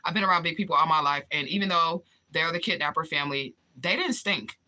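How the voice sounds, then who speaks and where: A woman with a very bright, forceful voice chats on a livestream, answering viewer comments head-on. She is blunt and profane, laughs often, and stretches some words out in a slow drawl. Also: sits low. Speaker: livestream vlogger reading chat comments. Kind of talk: casual livestream chat.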